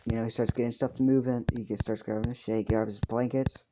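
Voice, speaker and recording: A man's voice: medium pitch, little pitch movement, fast. Rambling young man telling a crude story. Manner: rambling, crude, self-correcting, with frequent fillers. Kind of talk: casual improvised story narration. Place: home room with a pet cat. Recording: dull lo-fi home mic with faint hiss.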